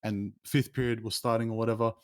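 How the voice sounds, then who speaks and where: A man, a streamer telling rambling, animated stories as an interview guest. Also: fast talker. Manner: animated, rambling, with sudden pitch jumps. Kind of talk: casual storytelling.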